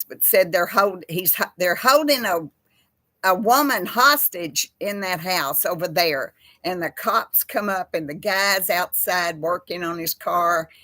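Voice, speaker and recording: Chatty rambling woman host, low-pitched. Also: pushed and bright, dry recording. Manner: rambling, chatty, laughs easily. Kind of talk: casual livestream chat reading comments.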